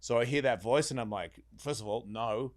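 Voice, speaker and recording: A podcast guest speaks in a mid-range male voice at a moderate pace. He's animated as he tells a long personal story in casual chat, swearing freely and acting out the voices of the people in it.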